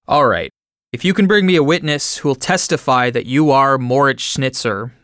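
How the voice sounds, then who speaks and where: A man reading a memoir aloud, voicing a cautious mayor in a measured, questioning way. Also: medium pitch, fairly bright tone, clear, resonant tone, no echo, studio quality, close to an everyday voice. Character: hesitant small-town mayor man, cautious.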